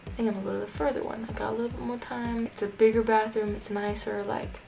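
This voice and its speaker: A woman's voice: on the high side, flat delivery, fast, gravelly, mellow, poor audio. A young woman telling a personal story in a casual vlog, chatty and full of "like" fillers. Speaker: YouTuber.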